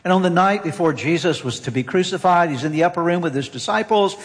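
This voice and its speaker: Man, pastor, sermon, earnest, emphatic, repeats phrases, fairly high voice, long hall reverb. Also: lively intonation, quick pace.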